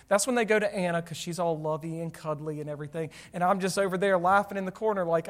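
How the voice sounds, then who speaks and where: A man's voice: sits high, lively intonation, quick pace, hardly any pauses. A man preaching a sermon to his church, talking conversationally and asking the congregation rhetorical questions. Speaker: pastor. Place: church sanctuary. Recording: long hall reverb.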